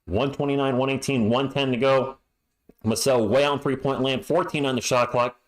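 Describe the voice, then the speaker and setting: A man doing fan play-by-play on a live stream, excitable and yelling on big plays, into a home streaming mic that clips. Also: medium pitch, normal speed.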